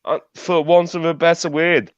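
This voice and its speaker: A man's voice: on the high side, level tone, moderate pace, dry recording, muffled recording. A man with a Liverpool Scouse accent, talking bluntly and swearing as he jokes in a casual group chat over a video call. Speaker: panel guest.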